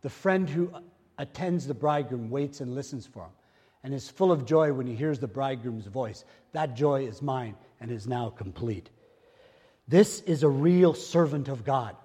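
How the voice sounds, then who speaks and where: An older man preaching a sermon as pastor, repeating phrases and swinging from hushed murmurs to loud exclamations. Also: medium pitch, expressive, normal speed, breathy edge, big-room sound. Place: church.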